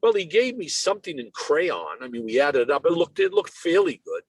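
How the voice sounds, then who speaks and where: An older man with a Boston accent tells stories on a video call. His voice sits high and swings widely up and down, with punchy, clipped phrases. The sound is dry and close. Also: a little fast, slightly rough, no room sound, rough recording. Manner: animated storyteller, punchy short phrases. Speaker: interview guest. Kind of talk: anecdotal storytelling.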